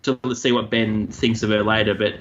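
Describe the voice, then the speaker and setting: A man's voice: on the low side, moderate pace, muffled recording, a little hiss or hum. A man, co-hosting a podcast and chatting casually about odd news stories. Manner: chatty, animated storytelling. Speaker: co-host.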